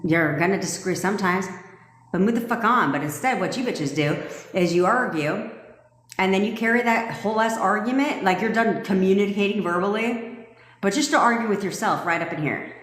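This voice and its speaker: A woman's voice: mid-range voice, brisk. A woman coaching on a live stream in a blunt, emphatic way, swearing freely and scolding her listeners. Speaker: manifestation coach. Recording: echoey room with long reverb.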